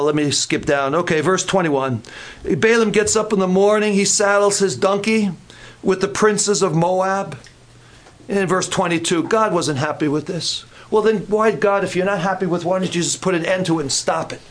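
Male preacher with a high voice, earnest, repeats himself for emphasis, drops in folksy jokes. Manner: earnest, repetitive, with folksy humorous asides. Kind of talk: sermon.

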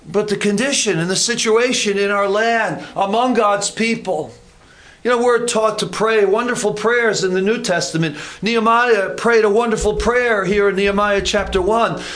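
A man's voice: high-pitched, normal speed, a bit bright. A man preaching a sermon in a conversational way, with joking asides and acted-out bits of dialogue.

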